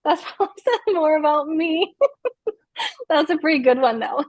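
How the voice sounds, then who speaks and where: A woman in her thirties with a fairly high voice, chatting as an interview guest over a video call. She laughs often and tells animated, self-deprecating stories. The sound is dry and close. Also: moderate pace, no echo. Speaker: guest author. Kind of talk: casual interview chat.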